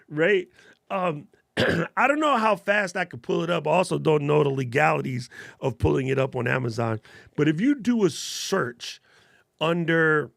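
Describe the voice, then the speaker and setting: Slangy, gravelly man on a live stream. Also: fairly high pitch, animated, moderate pace, fairly bright tone, dry recording, studio quality. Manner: casual, slangy and enthusiastic, answers viewer questions. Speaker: host of a live gear stream. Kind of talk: casual live-stream gear talk.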